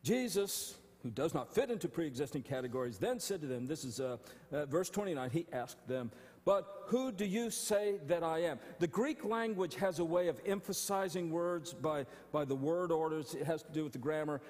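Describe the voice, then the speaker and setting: A male pastor preaching an animated sermon, often restarting phrases. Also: on the high side, normal speed, in a large hall. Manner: animated, stumbling restarts, acting out quotes. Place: church sanctuary.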